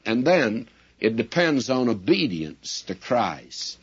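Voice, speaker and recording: A man's voice: mid-range voice, sing-song, slow, husky. Earnest man preaching a sermon. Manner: earnest, addresses listeners directly as friends; storytelling with quoted dialogue. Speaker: Bible teacher.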